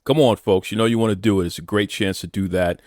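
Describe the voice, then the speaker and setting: A man's voice: fairly low pitch, steady tone, fast, darkish tone, dry recording, studio quality. A man hosting a podcast interview, upbeat and encouraging as he promotes his guest. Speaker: podcast host.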